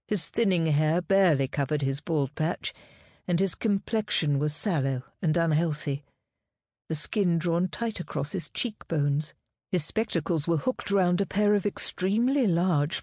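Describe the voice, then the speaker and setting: Low-voiced woman narrating a story. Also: warm tone, dry recording, clean studio sound. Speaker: audiobook narrator. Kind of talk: scripted narration.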